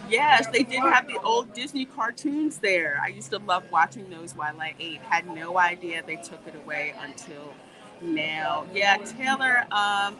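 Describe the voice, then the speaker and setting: A woman hosting a casual livestream while walking through a theme park, reading viewer comments and chatting in an animated way. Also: fairly low pitch. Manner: chatty and animated, warm greetings, laughs often. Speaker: livestream host. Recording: noisy outdoor livestream audio. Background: park ambience and music.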